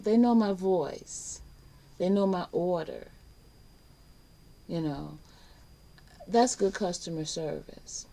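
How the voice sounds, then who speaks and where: A woman's voice: on the low side, takes it slowly, pauses often, mellow, low-quality recording. A woman teaching a casual online life skills class, chatty and emphatic, acting out little exchanges. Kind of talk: casual spoken lesson to camera.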